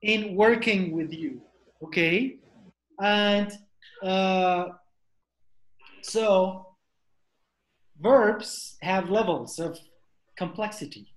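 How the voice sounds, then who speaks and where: A man's voice: sits high, extremely slow, pauses often, reverberant. A man teaching an online English class, repeating questions and drilling pronunciation over a video call.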